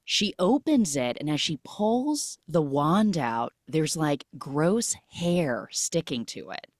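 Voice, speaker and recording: Host, woman, lowish voice, very expressive pitch, dry close sound, chatty storyteller. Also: slow, no echo. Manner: animated storytelling with frequent "like" fillers. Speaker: podcast host. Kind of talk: casual film recap.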